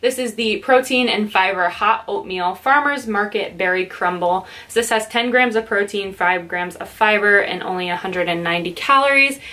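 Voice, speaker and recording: A woman's voice: medium pitch, normal speed, few pauses, pushed and bright. A young woman in her twenties, chatting casually to camera in her bedroom, upbeat with lots of fillers. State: slightly out of breath. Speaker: lifestyle vlogger. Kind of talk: casual vlog talk to camera.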